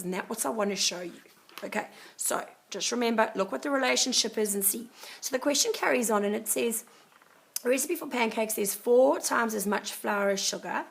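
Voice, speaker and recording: A woman with a croaky, gravelly voice walks students through a math problem. Her pitch sits a little high, and she explains each step in a chatty, casual way, checking in with "okay" as she goes. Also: a bit bright. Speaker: math teacher.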